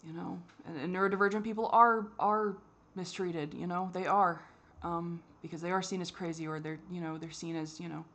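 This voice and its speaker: A woman giving a candid personal monologue for her vlog, halting and frustrated, with many restarts and fillers and the odd swear. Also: fairly low pitch, steady tone, a bit bright. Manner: swears when exasperated. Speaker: vlogger.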